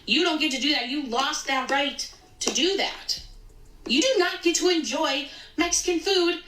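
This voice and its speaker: A woman's voice: sits high, normal speed, a bit bright. A woman delivering an emphatic, indignant rant in a recorded clip. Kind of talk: social media rant clip. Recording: echoey, from a distance.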